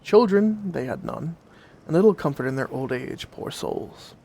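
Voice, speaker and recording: A man narrating old folk tales in a gentle, old-fashioned fireside storytelling manner. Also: a little high, animated, a little slow, vocal fry.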